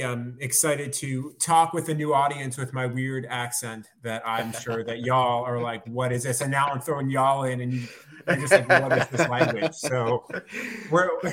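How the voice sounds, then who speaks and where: A man's voice: medium pitch, a bit bright. An American man, a sports journalist, chatting as a podcast guest, rambling and self-deprecating. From United States. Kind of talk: casual podcast chat.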